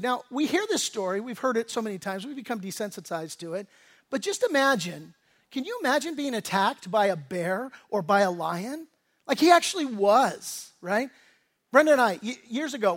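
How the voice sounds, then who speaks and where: A male pastor giving a sermon in a conversational, animated way, telling stories with quick asides and laughs, often restarting words. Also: very high voice.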